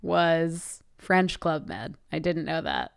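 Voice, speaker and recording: Female podcast co-host, smooth and clear, slow easy delivery, amused and reactive. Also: deep voice, big pitch swings. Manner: amused, reactive, laughs often. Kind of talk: casual chat.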